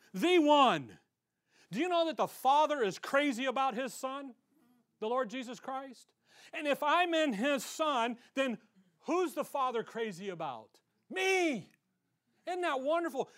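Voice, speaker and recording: A man with a high voice preaches from the pulpit, reading out scripture passages. He keeps it conversational, throwing rhetorical questions at the listeners. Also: fairly bright tone. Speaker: pastor. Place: church service.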